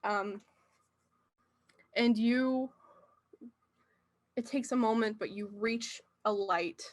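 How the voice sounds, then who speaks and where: Slow-speaking woman game master. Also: medium pitch. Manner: hesitant, with fillers. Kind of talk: narrating a tabletop game.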